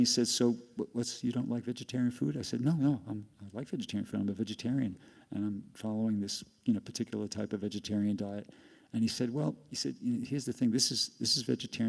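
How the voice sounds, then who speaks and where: A man's voice: mid-range voice, vocal fry, darkish tone. An older man giving a class, telling a rambling personal story with laughs along the way. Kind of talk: storytelling talk. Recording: long hall reverb.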